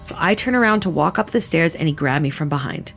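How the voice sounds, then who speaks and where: A woman's voice: deep voice, lively intonation, quick pace, vocal fry, a bit bright, soft background music. A woman giving an emotional personal testimony in a casual, filler-heavy way, acting out what people said. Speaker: interviewee recounting her assault.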